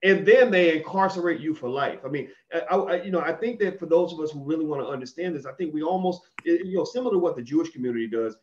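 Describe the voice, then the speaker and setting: A man's voice: fairly high pitch, expressive, fast, hardly any pauses, a little mellow. Reflective man on a dull recording. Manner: reflective, thoughtful. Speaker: host. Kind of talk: interview talk.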